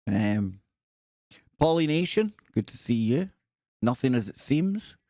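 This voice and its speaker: A man's voice: mid-range voice, very animated, takes it slowly, mellow, no room sound, studio quality. A man hosting a live stream in a casual, chatty way, greeting viewers by name and making joking asides. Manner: jokey, self-deprecating asides.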